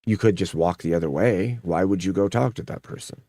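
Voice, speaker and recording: Man, lowish voice, insistent, repeats questions, dry close sound, casual debate. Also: a little fast, dark tone, no echo. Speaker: streamer host.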